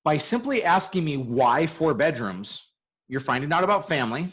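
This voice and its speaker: A man co-hosting a real estate coaching webinar in casual chat, quick and prone to repeating words as he starts a sentence. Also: a little high, sing-song, fairly bright tone, breathy edge. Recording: dull lo-fi audio.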